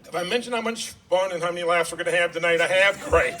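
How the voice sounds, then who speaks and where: A man's voice: high-pitched, fast talker. A man giving a wedding toast as father of the bride, joking about himself and getting emotional. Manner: self-deprecating, joking, emotional. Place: wedding reception hall. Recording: distant mic, loud crowd noise. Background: crowd and laughter.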